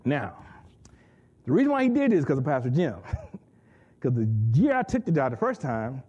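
A man giving an excitable testimony in church, laughing often and repeating his words as he tells the story. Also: fairly high pitch, normal speed, slightly rough, muffled recording.

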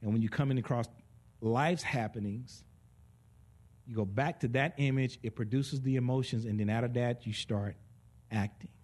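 A man preaching a conversational sermon. He is animated and joking, and swings between soft and loud delivery. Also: mid-range voice, moderate pace.

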